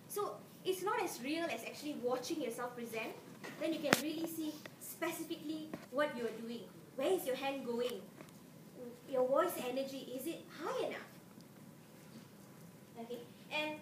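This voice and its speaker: A high-voiced woman lecturer gives a chatty talk to an audience. She keeps checking in with them as she goes. She is heard from a distance in a roomy hall full of background noise. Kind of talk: conference presentation.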